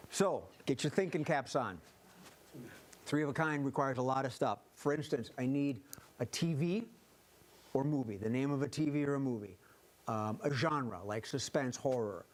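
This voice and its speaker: A man's voice: mid-range voice, moderate pace. A man hosting an improv comedy show in a television studio, explaining the game and asking the audience for suggestions.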